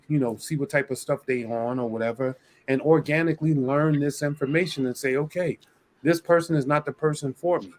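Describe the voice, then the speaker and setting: A man on a dating-show review panel, arguing his point in casual talk with many restarts. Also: on the high side. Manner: argumentative, explains at length with many restarts. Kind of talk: casual debate on a video panel.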